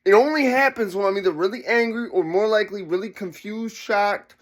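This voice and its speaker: High-voiced man, slurring casual rant. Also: a little fast, few pauses. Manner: slurred, loose speech, gets loud when worked up; profane and conversational, keeps asking if you follow. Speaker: vlogger.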